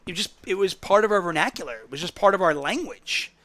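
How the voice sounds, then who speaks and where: A man's voice: high-pitched, lively intonation, fast talker, bright, forceful tone, no room sound. A man hosting a casual call-in poker podcast, telling stories in a chatty, rambling way. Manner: chatty, storytelling, self-interrupting. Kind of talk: casual solo call-in show talk.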